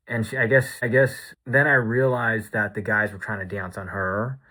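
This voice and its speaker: A man's voice: lowish voice, normal speed, hardly any pauses, sharp tone. A man chatting casually in a recap vlog, rambling with lots of "like" and "you know". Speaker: vlogger.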